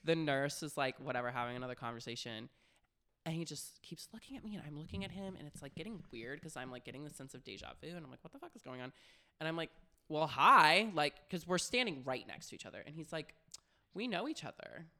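A man's voice: on the high side, expressive, fast talker, a bit bright. A young man co-hosting a podcast, telling frank, profane stories in casual chat with constant "like" fillers. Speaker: podcast co-host.

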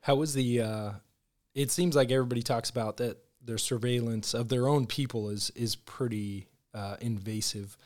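A man hosting a podcast interview, asking questions slowly with many fillers. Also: medium pitch, fairly even intonation, darkish tone. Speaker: podcast host. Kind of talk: casual interview.

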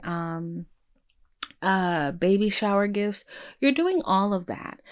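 A young woman hosting her own podcast, talking candidly and bluntly with plenty of swearing. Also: medium pitch. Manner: blunt, profane, emotional and confiding. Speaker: podcast host. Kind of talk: candid solo podcast monologue.

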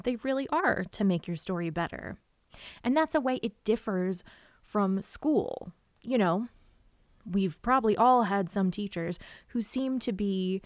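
Chatty, animated woman with a dry sound. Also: medium pitch, no room sound. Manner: expressive, chatty, swings into acted quotes. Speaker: writer and vlogger. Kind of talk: casual advice talk to camera.

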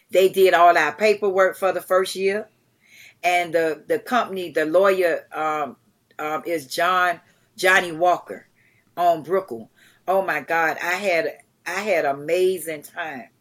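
A middle-aged woman, an interview guest telling stories in a lively way, acting out the lines of people she quotes. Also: on the low side, a little slow. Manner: animated, acts out quotes, many restarts. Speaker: guest, charity founder. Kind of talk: conversational storytelling.

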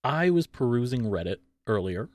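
A man's voice: medium pitch, big pitch swings, moderate pace, darkish tone, no echo. A young man co-hosting a podcast, chatting casually and joking at his own expense while reading posts aloud. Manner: joking, self-deprecating, laughs often. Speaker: podcast co-host.

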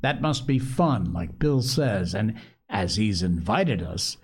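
A man's voice: on the low side, big pitch swings, takes it slowly, husky, full character voice. A man voicing a young schoolboy eager for a feast. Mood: craving.

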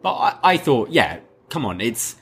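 A man's voice: medium pitch, sing-song, moderate pace, fairly bright tone, a little hiss or hum. A man co-hosting a podcast, chatting casually and hedging his opinions. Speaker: podcast co-host. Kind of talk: casual chat.

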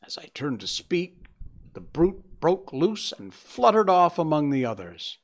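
A man's voice: a little high, big pitch swings, a little slow, pitched above the performer's own voice, full character voice. A man playing a desperate, frightened man confessing how he stole, in an audiobook reading. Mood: anxious. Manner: agitated, pleading storytelling.

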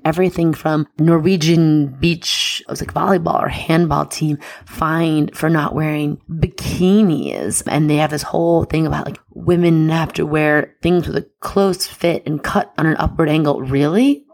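A woman's voice: low-pitched, vocal fry. A woman hosting an astrology podcast, talking in an impassioned, emphatic and chatty way with lots of fillers. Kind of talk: casual podcast monologue.

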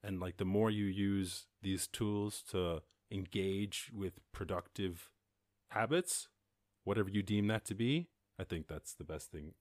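A man's voice: sits low, unhurried, a little mellow, dry recording, clean studio sound. A man hosting a podcast, talking casually and rambling through listener questions with swearing and sudden bursts of outrage. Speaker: podcast host. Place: lives in rural Ireland.

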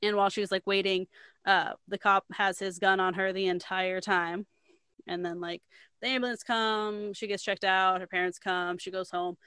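Chatty woman, smooth and dry. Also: mid-range voice, steady tone, normal speed, a bit bright, dry recording. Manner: rambling, heavy on fillers, casual swearing. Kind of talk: casual chat retelling a novel.

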